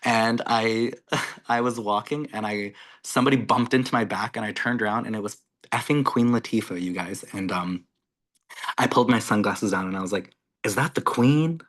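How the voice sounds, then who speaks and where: Canadian guy, low-ish voice, talkative guest on a video call, bubbly and casual. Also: fairly even intonation, moderate pace, fairly bright tone. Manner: chatty, gushing, lots of "like" and "you guys". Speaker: guest content creator.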